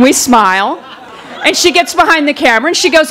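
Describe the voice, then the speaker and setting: A woman telling a comic personal story on stage, animated and acting out the people in it, into a stage microphone. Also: high voice, brisk, some chatter behind, slight background noise. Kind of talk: live first-person storytelling. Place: stage in front of a live audience.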